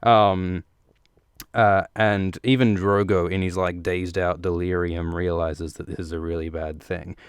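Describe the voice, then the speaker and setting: Deep-voiced man recapping casually. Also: little pitch movement, unhurried, clean tone, dry recording, clean studio sound. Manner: joking, profane, rambling with fillers. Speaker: podcast host.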